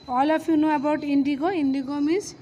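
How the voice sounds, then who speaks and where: A woman teacher, reading a children's poem aloud and then explaining it step by step, often pausing to address the children. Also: high-pitched, fairly even intonation, warm tone, a little hiss or hum. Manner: reads slowly, then explains step by step with frequent "okay" and "children". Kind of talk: classroom poem lesson.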